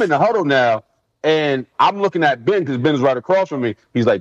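A man's voice: medium pitch, brisk, no echo. A man, a former pro football player, telling stories in a casual interview and acting out what others said. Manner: animated, acts out quotes in raised voices. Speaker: former NFL player guest. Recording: dull lo-fi sound.

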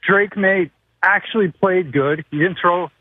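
A man calling in to a sports radio show, an excited, rambling fan. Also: high voice, a little slow, husky. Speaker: caller. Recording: tinny phone line.

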